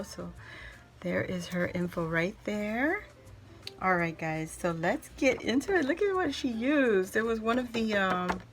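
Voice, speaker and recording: Slow-talking, gushing woman vlogger. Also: medium pitch. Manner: gushing, excitable, repeats words. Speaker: crafting channel host. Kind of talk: casual unboxing vlog.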